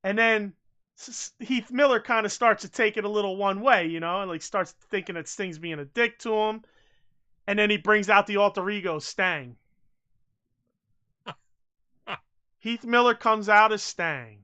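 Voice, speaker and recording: A man co-hosting a casual podcast, rambling and excitable, swearing freely and saying bro a lot. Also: sits high, normal speed, clear, resonant tone. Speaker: podcast co-host. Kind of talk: casual chat.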